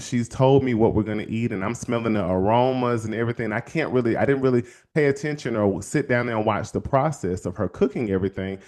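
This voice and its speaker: An American man hosting an inspirational show, telling stories in a casual, animated way and jumping into high, excited exclamations.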